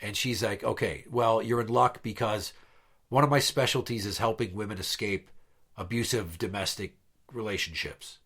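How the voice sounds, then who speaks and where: A man's voice: lowish voice, moderate pace, fairly bright tone. A man hosting a podcast, telling a long story in a blunt, profane, exasperated way. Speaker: podcast host. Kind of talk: casual storytelling chat.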